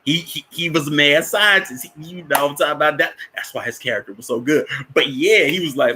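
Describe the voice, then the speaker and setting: Bright-voiced man rambling about a film. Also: fairly high pitch, brisk, hardly any pauses, a little hiss or hum. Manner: rambling with many restarts, chuckles often. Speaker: spiritual teacher discussing a film. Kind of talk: casual film commentary.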